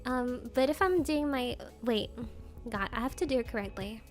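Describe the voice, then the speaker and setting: Shy, giggly woman streamer with a high voice, reading chat at an unhurried pace over faint music. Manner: shy and giggly, with frequent soft laughs and hums. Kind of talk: casual live-stream chat, reading out viewer comments.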